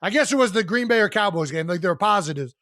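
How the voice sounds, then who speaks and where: A man's voice: high voice, lively intonation, fast talker, fairly bright tone, dry recording, studio quality. A man co-hosting a podcast, talking casually with lots of "like" and easy laughs. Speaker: podcast co-host. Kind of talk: casual chat.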